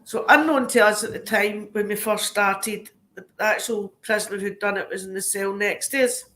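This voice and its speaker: A woman with a Scottish accent, a podcast guest telling animated anecdotes in a casual way. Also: medium pitch, moderate pace. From Scotland. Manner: lively, animated anecdotes broken by frequent laughter. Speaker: podcast guest, crime scene cleaner. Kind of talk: casual storytelling.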